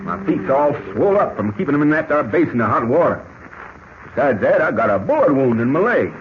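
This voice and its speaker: An actor playing a folksy old cowboy prospector who talks in a stubborn Western drawl full of rustic slang, in 1940s radio acting style. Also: male voice, mid-range voice, big pitch swings, fairly quick, lightly acted. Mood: wary. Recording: dull lo-fi old radio recording with hiss.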